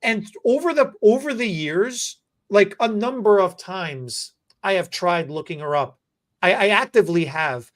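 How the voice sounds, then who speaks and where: A man's voice: sits high, expressive, fairly bright tone. A man in his forties telling a personal story on a podcast. He stammers and restarts often, and the telling is heartfelt and casual. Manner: halting, with many restarts and stammers, emotional. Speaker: podcast host and hairstylist.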